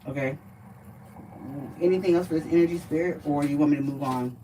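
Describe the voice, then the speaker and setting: A woman with a low, mellow voice does a relaxed live card reading, blunt and quick to curse as she talks. She sits a bit back from the mic, with a faint hum of room noise behind her. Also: distant mic, poor audio. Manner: blunt, profane, chatty. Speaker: livestream card reader.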